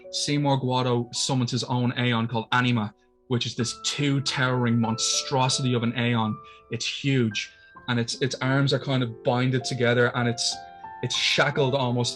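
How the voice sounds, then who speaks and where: A male podcast host chatting casually through a video game story, rambling with fillers and the odd swear. His pitch sits in an average range, and faint music plays underneath. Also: a bit bright. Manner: rambling, quick, with fillers and profanity.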